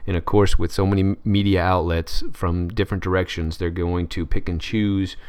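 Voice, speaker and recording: A man with a lowish voice runs through the day's headlines and comments on them in a loose, wry way, often trailing off with "uh" and restarting. His sound is dry and close, with no room around it. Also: little pitch movement, normal speed, darkish tone, clean tone, dry recording. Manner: offhand, wry, with frequent fillers and restarts. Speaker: podcast host reading headlines. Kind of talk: casual news commentary.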